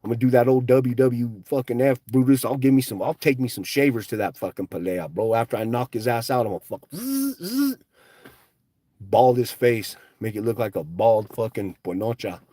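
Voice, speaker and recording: A man's voice: mid-range voice, a little fast, hardly any pauses, dark tone, no room sound. A man hosting a casual livestream, ranting with profane, mocking trash talk while driving. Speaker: livestream host. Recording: street and car noise behind.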